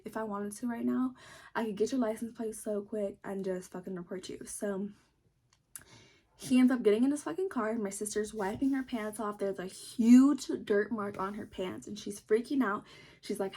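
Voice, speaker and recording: A woman in her twenties telling a storytime to her viewers in a casual, animated way, swearing a lot and acting out what people said. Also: medium pitch, moderate pace. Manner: animated, heavy swearing, acts out quotes. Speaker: vlogger.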